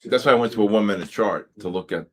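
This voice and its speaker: A man hosting a live trading stream, talking excitedly through charts, exclaiming and repeating himself. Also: on the low side, quick pace. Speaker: trading livestream host.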